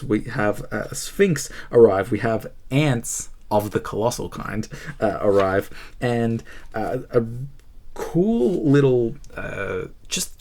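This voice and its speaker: A man's voice: mid-range voice, a little mellow. A man hosting a book channel, talking casually about a book he is reading, thinking aloud with frequent fillers and restarts. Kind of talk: casual spoken book review.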